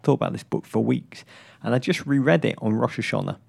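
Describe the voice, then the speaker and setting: A man co-hosting a podcast in casual comedic chat, playful and teasing, with jokes that jump up high. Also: expressive, fairly quick, creaky, a little mellow. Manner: playful, teasing, bursts into high jokey tones. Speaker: podcast co-host.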